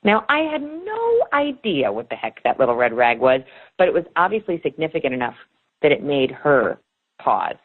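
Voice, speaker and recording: A woman in her forties, a book author, telling personal stories in an animated way in a podcast interview. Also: deep voice, normal speed, husky. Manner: animated storyteller, acts out dialogue. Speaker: author guest. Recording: tinny phone line.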